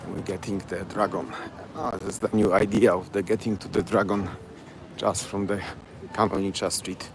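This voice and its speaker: A man's voice: low voice, flat delivery, normal speed. Polish man guiding a night street tour. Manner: chatty, broken English, repeats place names. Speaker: tour guide. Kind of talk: live-streamed walking tour. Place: outdoors on city streets at night. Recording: street noise behind.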